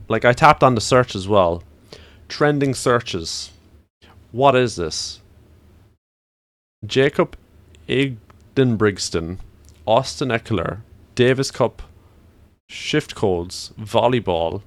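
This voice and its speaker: A man's voice: lowish voice, slow, no room sound. A man streaming, chatting casually and ranting to himself as he browses.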